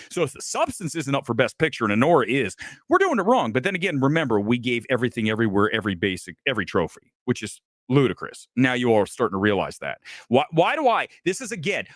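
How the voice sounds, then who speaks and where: Animated, profane man ranting. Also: medium pitch, no echo, studio quality. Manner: angry, profane, sarcastic ranting; mocking put-on accent in quotes. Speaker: host. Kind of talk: heated movie rant, live stream.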